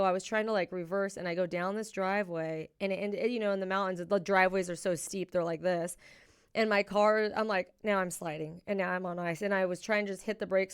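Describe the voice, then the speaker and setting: A young adult woman co-hosting a podcast, chatting casually and telling animated stories in which she acts out what people said. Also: mid-range voice, smooth. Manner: animated storyteller who acts out quoted voices. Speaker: podcast co-host. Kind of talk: casual chat and storytelling.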